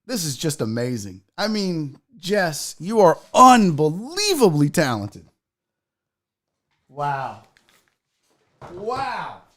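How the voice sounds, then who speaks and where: A woman hosting a casual show, addressing her viewers directly. Her pitch leaps up and down with real animation, yet she takes her time between words. She swears freely and gets excited easily. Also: slow, long pauses. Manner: excitable and heavily profane; talks straight to the audience. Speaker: sports show host. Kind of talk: casual unboxing chat to viewers.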